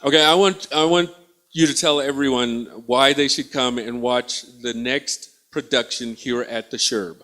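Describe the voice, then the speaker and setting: A male stand-up comedian works the crowd from a small theatre stage, teasing and riffing with the audience. His mid-range voice is bright and forceful, and he speaks a little slowly.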